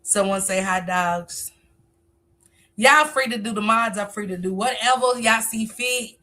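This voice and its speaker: A woman hosts a casual live stream at home, reading viewer comments aloud and answering each one. Her voice is bright and forward, sitting at an ordinary middle pitch. She talks on and on in a loose, chatty way. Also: unhurried.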